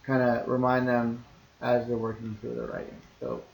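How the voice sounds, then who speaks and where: A man's voice: medium pitch, little pitch movement, moderate pace, vocal fry, roomy sound, low-quality recording. A man teaching, explaining to parents in a recorded lesson in an easygoing, reassuring way, talking things through step by step.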